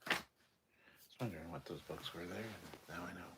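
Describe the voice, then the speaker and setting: A man's voice: normal speed, pauses often, fairly bright tone, a little hiss or hum. A sleep-deprived man hosting a casual late-night livestream, reading out chat and rambling in a tired, mumbling way. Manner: tired, rambling, drops to low mutters.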